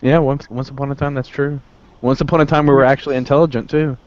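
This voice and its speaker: Man, mid-pitched, rambling jokey chat, dull lo-fi audio. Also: flat delivery, fast talker, darkish tone. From southern Louisiana. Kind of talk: casual chat.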